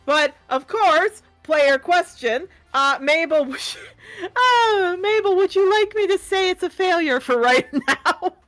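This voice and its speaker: A woman's voice: extremely high pitch, lively intonation, takes it slowly, fairly bright tone, faint music behind. A woman narrating as game master of a tabletop game, chatty and often laughing. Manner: laughing, chatty, addresses the audience.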